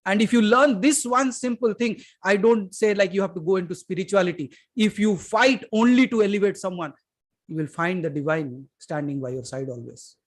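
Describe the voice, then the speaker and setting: A man with an Indian English accent giving a spiritual satsang talk, emphatic, moving from loud to hushed and putting questions straight to his listeners. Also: high voice, moderate pace. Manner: addresses listeners directly with questions. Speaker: spiritual teacher. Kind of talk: satsang talk to a live audience.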